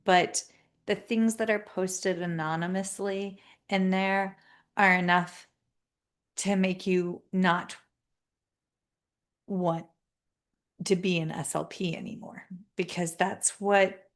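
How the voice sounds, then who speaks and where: A woman speech-language pathologist hosting a podcast, speaking candidly and with feeling, in rushes and restarts. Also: fairly low pitch, steady tone. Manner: heartfelt, talks in rushes and restarts. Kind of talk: candid, emotional conversation.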